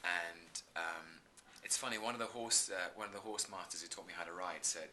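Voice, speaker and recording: Low-voiced, bright-toned earnest man. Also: steady tone, normal speed, slight background noise. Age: 30s. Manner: earnest, effusive, with many restarts and ums. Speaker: actor, interview guest. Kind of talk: casual interview chat.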